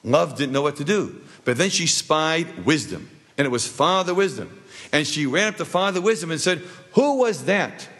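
A man's voice: on the high side, lively intonation, normal speed, pushed and bright, breathy edge. A man teaching a class, telling anecdotal stories with jokes and asking the audience rhetorical questions. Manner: jokey, anecdotal. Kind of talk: storytelling lesson.

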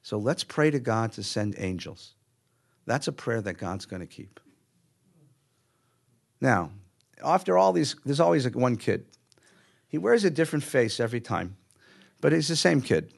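A middle-aged rabbi tells stories in a sermon, animatedly acting out the voices of the people in them. His mid-range voice has vocal fry and a breathy edge.

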